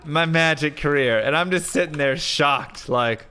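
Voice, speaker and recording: A man live-streaming, telling a rambling story in a casual, animated way with lots of filler words. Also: a little high, normal speed, a little hiss or hum. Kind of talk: casual storytelling while gaming.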